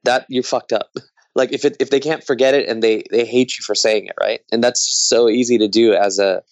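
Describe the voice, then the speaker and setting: A man's voice: medium pitch, steady tone, brisk, dry recording. A man co-hosting a podcast, giving frank, laid-back advice in casual speech peppered with "dude" and swearing. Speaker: podcast co-host. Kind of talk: casual conversation.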